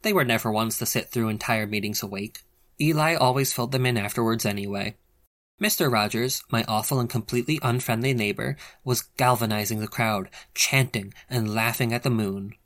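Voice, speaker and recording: A man narrating an audiobook with playful, theatrical flair, at an ordinary pitch. He leans into the drama of each scene as he reads. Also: a little fast, fairly bright tone. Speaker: audiobook reader.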